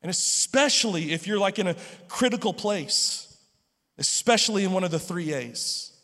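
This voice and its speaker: A man's voice: high-pitched, animated, moderate pace, sharp tone, big-room sound. A man preaching a sermon as pastor, stammering through restarts and joking asides.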